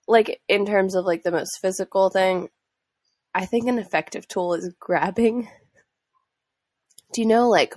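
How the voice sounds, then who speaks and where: A woman's voice: medium pitch, no room sound, studio quality. A young woman and parent chatting casually about discipline, thinking aloud with hesitant phrasing and many fillers. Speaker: parent in a conversation. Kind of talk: casual chat.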